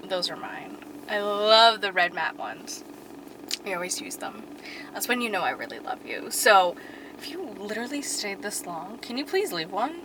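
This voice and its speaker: With a mid-range voice over a noisy background, a young woman vlogs from her parked car at night. She rambles to her viewers in a bubbly, chatty manner, now and then lowering to a whisper.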